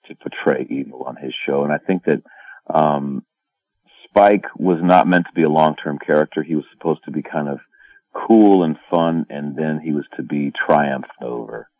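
An American man from California answering interview questions in a relaxed, halting way, with many fillers and restarts and a dry sense of humor. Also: a bass voice, no room sound, poor audio. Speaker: actor guest.

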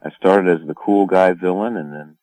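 An American man from California answering interview questions in a relaxed, halting way, with many fillers and restarts and a dry sense of humor. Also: low voice, dry recording, poor audio. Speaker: actor guest.

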